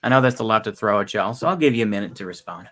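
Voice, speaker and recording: A man's voice: lowish voice, animated, a bit bright, a little hiss or hum. Rambling Texan man chatting on a livestream. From Texas. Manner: rambling, halting, with many restarts and fillers. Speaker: livestreamer answering chat. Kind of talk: casual livestream chat.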